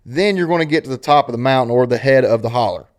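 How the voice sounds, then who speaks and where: A man's voice: mid-range voice, fast. A man with an Eastern Kentucky accent hosting a podcast, chatting casually and telling rambling, folksy stories. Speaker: podcast host. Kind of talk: casual interview chat.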